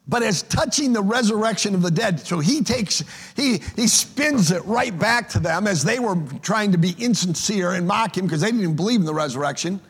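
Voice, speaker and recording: A man's voice: high-pitched, fairly bright tone, husky. A pastor preaching an emphatic sermon, often repeating words as he starts a phrase. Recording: long reverb of a large hall.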